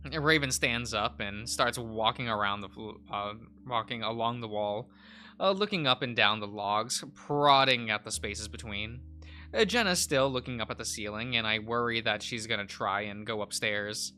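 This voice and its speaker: A man's voice: medium pitch, normal speed, bright, forceful tone. Man reading a story game aloud over guitar. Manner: reads narration with many fillers and self-corrections. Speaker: streamer reading a visual novel aloud. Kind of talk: reading a visual novel aloud.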